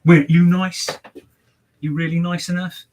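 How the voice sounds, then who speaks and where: A man's voice: sits high, little pitch movement, a little slow, darkish tone. A man, a barber chatting on a livestream while cutting hair, swearing a lot and ranting in mock outrage.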